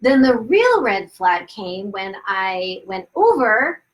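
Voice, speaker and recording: Speaking slowly but in a very animated way, a woman with a mid-range voice hosts a live video series through a webcam or phone, with poor audio. She tells her own story candidly and casually, with many asides and restarts, laughing at who she used to be.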